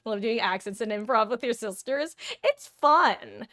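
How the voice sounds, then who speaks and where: A woman's voice: a little high, lively intonation, unhurried, few pauses, fairly bright tone, dry recording. A woman streamer in a casual live-stream chat who rambles, laughs often and pokes fun at herself. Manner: frequent restarts and filler words.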